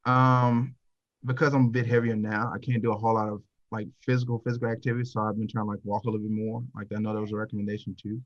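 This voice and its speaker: A man's voice: on the low side, level tone, fast, natural voice. A man role-playing a heavyset male client in a sales practice call, talking hesitantly with many fillers. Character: heavy adult male weight-loss prospect. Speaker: role-play prospect, sales trainee. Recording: dull lo-fi sound.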